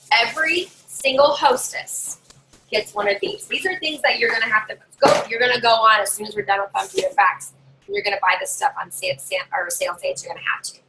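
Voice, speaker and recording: A woman's voice: medium pitch, noisy background. A woman giving casual how-to tips to camera as a party sales consultant, chatty and bossy, talking from her desk at home. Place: home desk with a drawer and her dog nearby.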